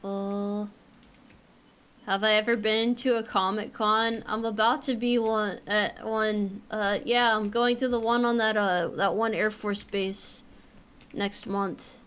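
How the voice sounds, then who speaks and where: A woman's voice: mid-range voice, steady tone, slow pace, fairly bright tone, clear, resonant tone. A young woman streaming a game, chatting casually with a playful, joking manner and casual swearing. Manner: playful, jokey, swears casually while playing.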